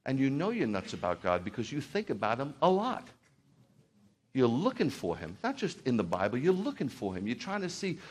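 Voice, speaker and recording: A man's voice: mid-range voice, huge pitch swings, fairly quick, husky. A middle-aged man preaching as a pastor in a church, heartfelt and rambling at first, then building to fervent exhortation. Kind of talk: sermon.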